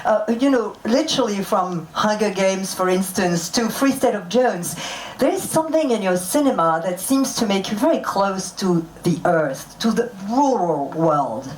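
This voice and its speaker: A woman's voice: medium pitch, lively intonation, normal speed, few pauses, slight background noise. Woman interviewer, echoey room. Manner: polite, rambling questions. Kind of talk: press Q&A interview. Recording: echoey room with a faint crowd.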